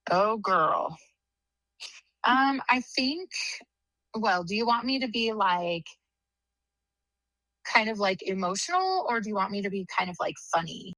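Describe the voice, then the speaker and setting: A woman's voice: mid-range voice, expressive, unhurried, pauses often, bright, forceful tone, dry recording, poor audio. Chatty laughing woman telling stories. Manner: chatty, laughs often, rambling storyteller. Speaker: podcast co-host, sister. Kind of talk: casual chat.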